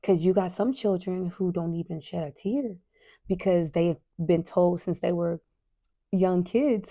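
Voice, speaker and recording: A middle-aged woman hosts a parenting podcast, talking casually and earnestly with a lowish voice at an unhurried pace. She keeps asking "right?", addresses listeners as "you guys," and sometimes sinks to a soft whisper for emphasis. The recording has its highs cut off.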